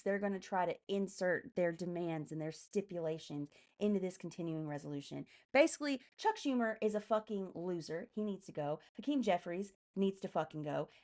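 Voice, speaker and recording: A young woman streaming live and venting about politics, cursing constantly and talking fast with mounting anger. Her voice sits at an ordinary middle pitch for a woman, and she sounds worked up and agitated throughout. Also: darkish tone. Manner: heavy swearing, fast and heated. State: enraged, agitated.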